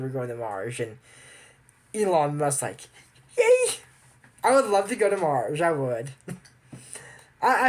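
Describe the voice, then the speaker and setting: A young man from Amarillo, Texas, chatting casually as he reviews a cartoon episode. He rambles and adds apologetic asides. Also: a little high. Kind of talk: casual commentary.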